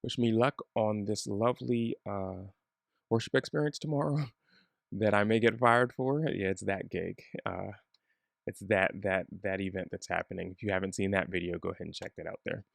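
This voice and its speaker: A man giving a relaxed, chatty bass lesson, joking at his own expense. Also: moderate pace, gravelly, dry recording, clean studio sound. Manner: relaxed, chatty, self-deprecating. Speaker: bass teacher.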